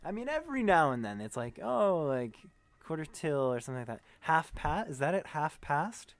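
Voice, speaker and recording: An American man, a tour manager, chatting in an interview in an animated, joking way. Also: a little high, fairly quick, dry recording. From United States. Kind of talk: casual interview chat.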